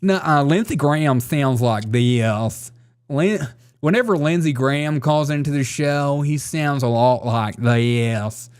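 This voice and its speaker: A man's voice: a little high, moderate pace, a little mellow. A man hosting a casual political commentary show, sarcastic and laughing often as he reads out viewer comments. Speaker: show host.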